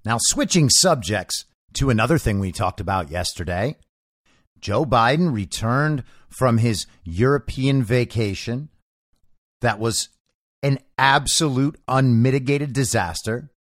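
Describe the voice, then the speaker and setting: A man hosts an opinion show, talking in a mocking, sarcastic way. His pitch rises and falls a lot as he drives his points home. The recording is dry and close. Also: big pitch swings, measured pace, a bit bright, dry recording. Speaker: show host. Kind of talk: opinion commentary monologue.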